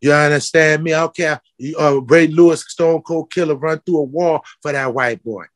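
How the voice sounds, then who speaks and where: A fiery man, speaking in a fairly high register. He preaches and calls people out with question after question. His voice sounds close and dry, with no room echo. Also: normal speed. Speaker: footwear company founder. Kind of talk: passionate interview talk.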